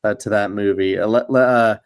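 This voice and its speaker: A man's voice: fairly low pitch, steady tone, fairly quick, clean tone. A man co-hosting a casual film podcast, rambling and hesitant, his talk full of fillers and restarts. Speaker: podcast co-host.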